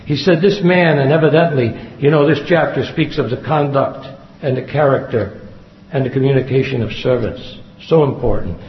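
A man's voice: medium pitch, moderate pace. A man preaching a sermon in an earnest way, repeating key phrases for emphasis. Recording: echoey hall, dull lo-fi sound.

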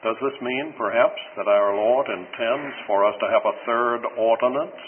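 Texan preacher on lo-fi radio. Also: male voice, medium pitch. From West Texas. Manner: measured, deliberate reading with wry asides. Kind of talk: expository sermon with scripture reading. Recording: phone-like lo-fi radio broadcast with faint hiss and long hall reverb.

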